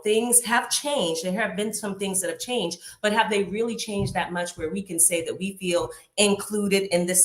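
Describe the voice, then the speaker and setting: A woman from Boston gives her view on a panel. Her voice sits fairly low and she speaks earnestly. Her audio echoes around the room. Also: a bit bright. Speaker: guest panelist, real estate broker. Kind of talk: panel discussion.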